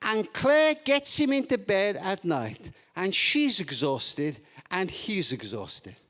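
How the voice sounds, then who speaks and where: A man's voice: high voice, very animated, slow pace, fairly bright tone. An older man giving a parenting talk, telling anecdotes with playful humour and acting out the people in them. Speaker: parenting speaker. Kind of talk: storytelling seminar talk. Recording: long reverb of a large hall.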